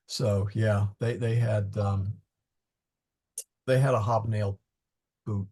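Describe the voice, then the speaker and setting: Man, Latin teacher, low husky voice, very slow, mutters asides while searching notes. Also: steady tone, a little mellow. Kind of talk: classroom Latin lesson.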